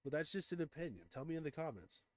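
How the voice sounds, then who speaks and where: Male host, slightly high voice; blunt, casual, swears freely while reacting to memes. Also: big pitch swings, fast talker, darkish tone. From United States.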